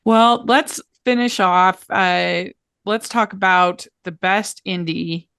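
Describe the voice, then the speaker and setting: A woman's voice: mid-range voice, steady tone, slow, vocal fry, fairly bright tone, clean tone. A woman hosting a casual film podcast, enthusiastic and laughing often. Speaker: podcast host. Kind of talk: casual panel chat.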